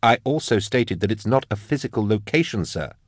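A man's voice: fairly low pitch, lively intonation, a little fast, no room sound, clean studio sound, voice pushed up. A man voicing a cautious, formal woman scholar who keeps raising objections.

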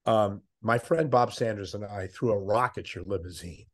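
A man who grew up in Miami Beach, a veteran sports interviewer telling animated anecdotes in a casual talk. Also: fairly low pitch, normal speed. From Miami Beach, USA. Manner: animated anecdotes with quoted voices. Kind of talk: casual podcast storytelling.

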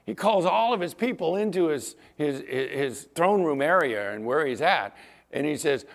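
A man's voice: on the high side, animated, normal speed. A man preaching a sermon as pastor, acting out Bible scenes in different voices.

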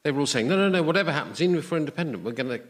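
A man's voice: on the high side, lively intonation, rapid-fire. A man on a comedy panel, telling a story with theatrical asides. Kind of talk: comic panel banter.

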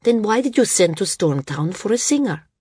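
A woman's voice: mid-range voice, very animated, normal speed, warm tone, slightly rough, no room sound, studio quality, pitched above the performer's own voice. Woman playing a young man singer, lifted voice, earnest, stubborn. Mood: eager. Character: young male singer, eager and a little stubborn.

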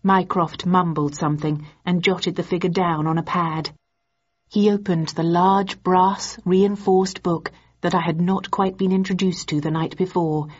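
A woman narrating an audiobook in an even, measured storytelling voice. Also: fairly low pitch, husky, muffled recording. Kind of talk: scripted narration.

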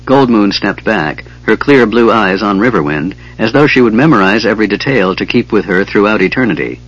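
Low husky male audiobook narrator. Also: lively intonation, a little fast, a bit bright, dull audio. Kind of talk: scripted fantasy narration.

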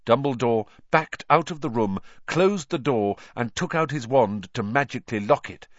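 Man reading a storybook with lively drama. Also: medium pitch, moderate pace, hardly any pauses, no room sound, highs cut off. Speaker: audiobook narrator. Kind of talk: audiobook narration.

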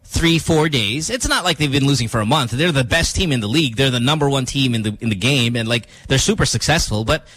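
A man's voice: mid-range voice, brisk, hardly any pauses, slightly rough. A man co-hosting a morning radio show, telling stories in a casual, self-mocking way with lots of fillers. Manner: animated, self-mocking storytelling with many fillers.

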